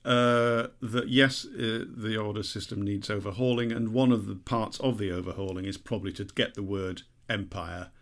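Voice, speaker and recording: A man's voice: on the low side, steady tone, normal speed, few pauses, a bit bright. A man co-hosting a podcast, reading listener letters aloud with frequent laughs and restarts. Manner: chatty, laughs often, stumbles and restarts while reading. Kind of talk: casual chat.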